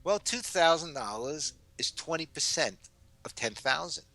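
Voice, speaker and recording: Animated older New man. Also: on the high side, a little slow, dry recording. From New York. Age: 70s. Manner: animated storyteller. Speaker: guest author. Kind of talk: casual interview advice.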